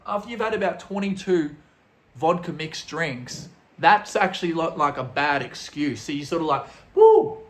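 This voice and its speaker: A young man telling an animated, slangy story full of swearing, as a vlogger. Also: on the high side, normal speed, reverberant. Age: young adult. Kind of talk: storytelling vlog.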